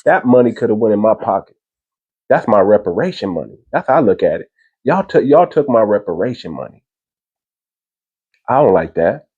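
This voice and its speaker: Emphatic man with a dark voice. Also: on the low side, very animated, moderate pace, pauses often, husky, highs cut off. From United States. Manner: emphatic, repeats phrases, talks straight to chat. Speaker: livestream commentator. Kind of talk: livestream political commentary. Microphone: small cheap wireless clip mic.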